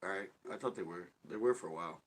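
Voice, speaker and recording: A man's voice: low voice, quick pace. A man hosting a casual fishing live stream, joking and rambling as he chats with viewers. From California. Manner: joking, rambling, laughs a lot. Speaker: fishing channel host.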